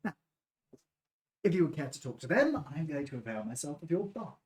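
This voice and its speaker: A man's voice: on the high side, big pitch swings, brisk, pitched above the performer's own voice. A man voicing a composed, aloof male noble patron with a dry manner. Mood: cool.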